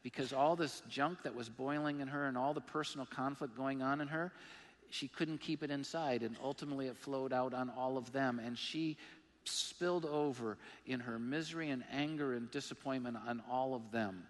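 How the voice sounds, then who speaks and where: A male pastor preaching a sermon, emphatic and animated, with self-deprecating humor. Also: mid-range voice, moderate pace. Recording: long reverb of a large hall.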